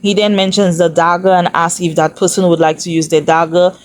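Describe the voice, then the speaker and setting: A woman's voice: on the low side, little pitch movement, a little fast. A woman hosting a reality TV recap, talking to viewers in a sassy, chatty way. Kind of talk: casual recap commentary.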